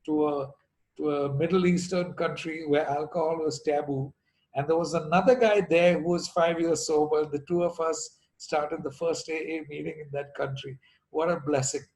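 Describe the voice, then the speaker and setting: A man's voice: fairly high pitch, poor audio. A middle-aged man from India telling his recovery story to a meeting, with dry jokes and asides along the way.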